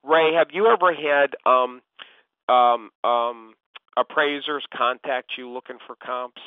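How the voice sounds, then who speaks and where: A man's voice: mid-range voice, slow pace, smooth, no echo. Man coaching over a phone line. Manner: instructive, repeats the listener's name. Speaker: real estate coach. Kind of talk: coaching call. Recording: tinny phone line, dry.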